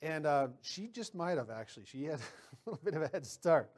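Man, pastor, high voice, conversational sermon, repeats words at sentence starts. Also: sing-song, fairly quick. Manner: conversational preaching with personal anecdotes.

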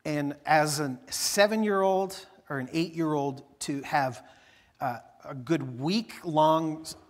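Pastor, chatty storytelling sermon. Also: male voice, a little high, slow, in a large hall. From Newfoundland, Canada. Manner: conversational and animated, with frequent fillers and restarts.

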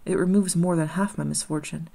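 A woman voicing a condemned young woman, resigned and pious, in a gentle, solemn audiobook reading. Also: deep voice, fairly even intonation, brisk, vocal fry.

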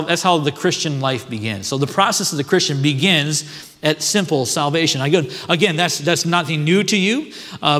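A man's voice: on the high side, a bit bright. A man preaching a sermon in a conversational way, reading scripture aloud and explaining it with everyday asides. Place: church sanctuary. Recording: long church hall reverb.

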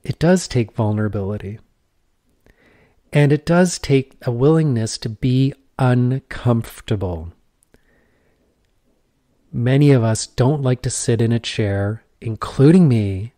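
A man's voice: mid-range voice, animated, slow, pauses often, dark tone, dry recording, studio quality. A middle-aged man hosting a podcast, talking earnestly in a reflective monologue with repeated phrases and rhetorical questions. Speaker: podcast host.

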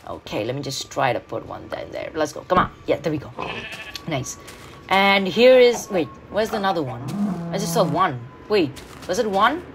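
A woman casually commenting on her own gameplay, chatty and self-mocking, with rambling asides. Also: on the low side. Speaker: gaming channel host. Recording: noisy home recording.

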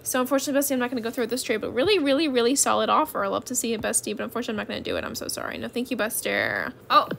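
A woman's voice: a little high, big pitch swings, rapid-fire, gravelly, hardly any pauses, a bit bright, a little hiss or hum. A woman hosting a gaming channel in casual chat, calling her viewers y'all and bestie. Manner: chatty, keeps addressing viewers as y'all and bestie.

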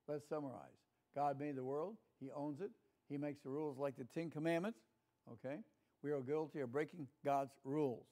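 This Sunday school teacher is an older man with a Southern American accent whose voice is slightly high and dark in tone. His Bible lesson is folksy and chatty, and he keeps prompting the class for an amen.

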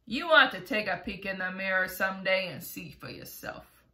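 A woman's voice: mid-range voice, lively intonation, moderate pace, pushed and bright. A woman voicing a rude, cheeky male centipede who teases scornfully, in a storybook read-aloud. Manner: scornful, teasing. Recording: roomy echo.

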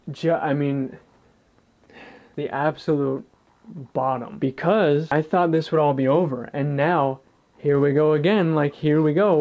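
A man's voice: a little high, darkish tone. A man in his twenties telling a personal story to camera in a blunt, profane way, acting out what others said. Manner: blunt and profane, swears freely, acts out dialogue. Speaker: vlogger.

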